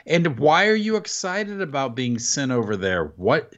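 A wry, exasperated man talks wrestling with a lively, swooping pitch, sighing at the state of the storylines. His voice comes through a dull, lo-fi mic. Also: a little slow. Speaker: podcast co-host. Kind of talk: casual wrestling chat.

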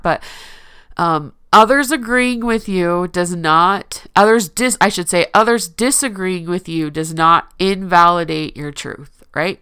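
A woman's voice: fairly low pitch, a bit bright, clean tone. A woman speaking earnestly in a confessional personal monologue, emotional and often restarting her sentences.

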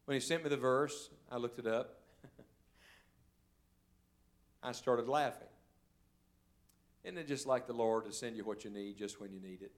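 A male evangelist preaching a sermon in a church service, telling stories and swinging from loud, urgent calls to quiet, hushed moments. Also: medium pitch, unhurried, long pauses. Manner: storytelling preacher, swells loud then drops to a hush.

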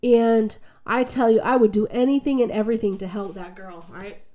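A woman telling stories in a lively, chatty way, acting out what people said. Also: mid-range voice, moderate pace. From United States. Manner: animated, chatty, acts out quotes in her story. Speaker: guest. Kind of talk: casual conversational storytelling.

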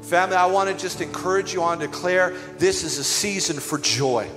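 A man's voice: sits high, normal speed. A man preaching a sermon as pastor, emphatic and calling out to his congregation. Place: church hall. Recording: echoey hall with music behind.

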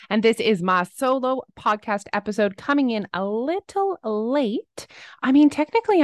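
A woman in her thirties talks through her solo podcast in a chatty, heartfelt way, her voice sitting at a middling pitch. She sounds close to the mic in a dry, dead room. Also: no room sound. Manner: emotional, chatty, fluctuating energy. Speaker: podcast host.

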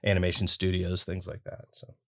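Man, low voice, from canada, voice actor, relaxed interview chat, filler-heavy. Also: a little fast. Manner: chatty, frequent fillers and laughs. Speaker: voice actor guest. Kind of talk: casual interview conversation.

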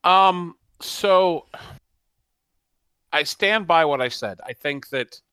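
A man co-hosting a casual gaming podcast, arguing his position insistently, point by point. His voice is bright and forceful, a touch higher than average. The sound is dry and close. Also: expressive, slow pace, smooth, no echo. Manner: argumentative, insistent, makes his case point by point. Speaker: podcast co-host.

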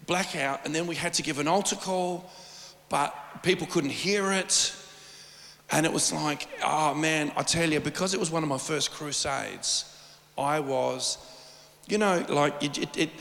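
A man delivers a storytelling sermon, his voice bright and forceful and a little high. He talks in an animated, rambling way, restarting sentences as he goes. The sound carries a long reverb from a large hall. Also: gravelly. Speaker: preacher.

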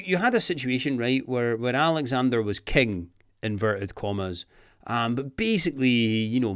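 A man's voice: on the low side, no room sound, studio quality. A man with a Scottish accent giving a comic history talk, chatty and digressive, with joking asides. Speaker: history presenter.

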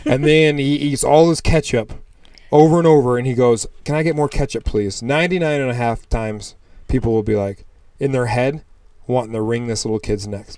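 A man in a casual podcast chat, telling animated stories full of swearing and quick voices for other people. His voice sits mid-range and swings up and down, and the recording is dry and close. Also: medium pitch, no room sound. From United States. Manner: animated storyteller, swears freely, acts out customers. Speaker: podcast co-host.

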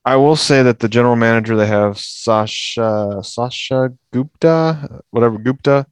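A man co-hosting a casual basketball podcast, giving news in a measured, analytical way. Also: mid-range voice, clean tone, no room sound. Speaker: podcast co-host, news segment.

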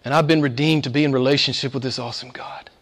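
A man preaching a sermon, swinging from hushed, whispered lines to loud, high exclamations, with playful asides and frequent laughs. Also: fairly even intonation, fast talker.

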